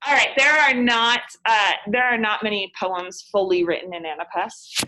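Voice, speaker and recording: A woman's voice: medium pitch, steady tone, moderate pace, echoey room, distant mic, noisy background. A woman teaching poetry meter to students, patiently sounding out words in a sing-song rhythm. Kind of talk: casual poetry lesson with students.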